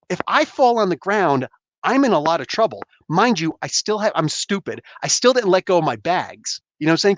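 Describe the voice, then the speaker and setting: A man hosting a livestream who tells a story in a casual, animated way, full of fillers and acted-out sound effects. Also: sits high, no echo. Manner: animated, acts out scenes with sound effects and quoted outbursts; filler-heavy, keeps asking "you know what I'm saying". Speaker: livestream host. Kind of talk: casual storytelling to a live audience.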